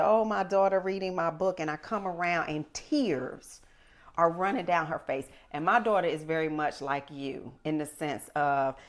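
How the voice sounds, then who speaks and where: A middle-aged woman hosting a podcast, telling stories in an animated, emphatic way. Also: fairly low pitch. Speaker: podcast host. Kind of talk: casual chat.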